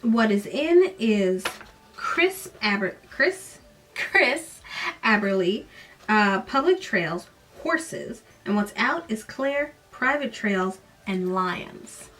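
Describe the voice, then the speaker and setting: A woman in her late twenties to thirties hosting a podcast, recapping a book in a casual way with sarcastic, animated, mocking asides. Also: medium pitch, slow, distant mic. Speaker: podcast host.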